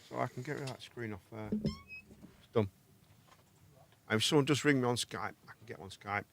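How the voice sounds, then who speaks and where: A man hosting a live stream, chatting casually and thinking aloud as he sets up his streaming software, often trailing off mid-sentence. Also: mid-range voice, animated, brisk, creaky. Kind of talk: casual chat while setting up stream software.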